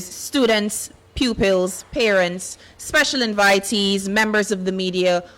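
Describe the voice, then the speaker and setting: A woman's voice: medium pitch, a bit bright. A woman hosts a formal ceremony in a conference hall. She reads a long list of greetings and introduces the speakers in a formal, orderly way. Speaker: master of ceremonies.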